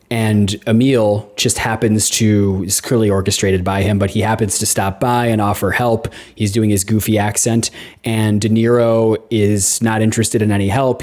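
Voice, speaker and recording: A man's voice: lowish voice, darkish tone. A man co-hosting a podcast, recapping a movie's plot in casual chat with wry asides. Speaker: podcast co-host.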